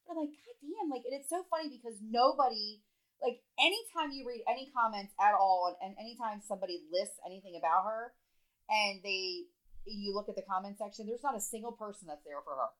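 A woman's voice: medium pitch, fairly quick, low-quality recording. A young woman co-hosting a casual chat, telling stories in a loose, chatty way, swearing freely and laughing as she talks. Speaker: podcast co-host.

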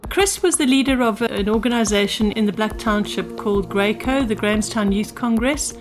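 A woman's voice: mid-range voice, normal speed. An older woman from South Africa, a former spy, earnestly recalling her past in a personal story. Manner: earnest, reflective recollection with quoted dialogue. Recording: music bed under speech.

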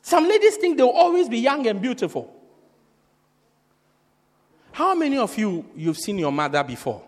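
A man preaching as a pastor, joking with the congregation and acting out quotes with sudden shouts. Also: very high-pitched, sing-song, moderate pace. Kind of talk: lively sermon. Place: large church hall. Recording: reverberant hall.

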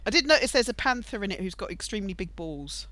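A man's voice: sits high, big pitch swings, fast talker, sharp tone, no room sound. A man in casual film-podcast chat who keeps acting out quoted lines in funny voices. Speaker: podcast co-host. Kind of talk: casual chat about films.

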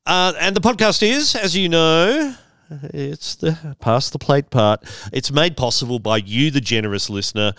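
A man's voice: fairly high pitch, animated, unhurried, fairly bright tone, clear, resonant tone, no room sound, clean studio sound. A man hosting a solo podcast, talking in a chatty, wry way with rambling asides. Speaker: podcast host.

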